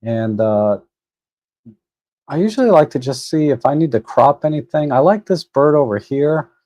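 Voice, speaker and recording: A man talks his way through a photo edit on a live stream in a mellow, darker tone. He is casual and unhurried, and he thinks aloud with fillers and restarts. The desk microphone sounds close and dry. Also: fairly high pitch, lively intonation, dry recording, dull audio. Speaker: photo editing livestream host.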